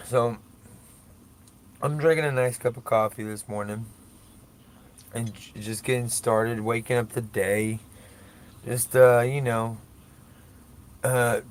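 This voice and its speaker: An older man rambling casually and profanely through a solo podcast, joking at his own expense. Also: medium pitch. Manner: rambling, profane, self-mocking. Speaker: podcast host.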